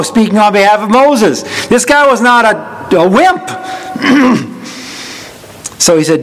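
A man's voice: high-pitched, animated, slow pace, poor audio. A man preaching a sermon, with dry humor, who acts out the voices of people he quotes. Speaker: pastor.

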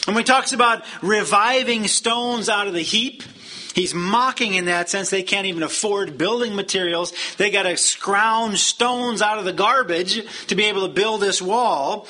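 A man's voice: sits high, sharp tone. A man teaching a Bible lesson verse by verse in a conversational, explanatory way with frequent fillers.

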